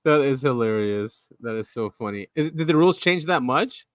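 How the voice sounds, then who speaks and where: A man's voice: medium pitch, lively intonation, moderate pace, no echo, studio quality. Chatty man hosting a podcast. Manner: chatty, explains things eagerly. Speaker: podcast host. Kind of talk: casual chat.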